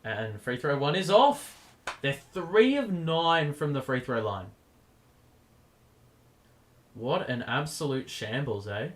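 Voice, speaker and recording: Man calling a game live, voice going hoarse. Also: mid-range voice, big pitch swings, takes it slowly, pauses often. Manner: casual, gets loud over big plays. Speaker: stream host. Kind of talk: live play-by-play commentary.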